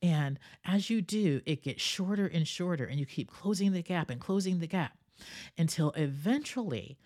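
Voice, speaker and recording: A woman's voice: sits low, a little mellow. A woman hosting a solo wellness podcast, talking in a coaching way, asking "right?" often and acting out the people she quotes. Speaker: podcast host.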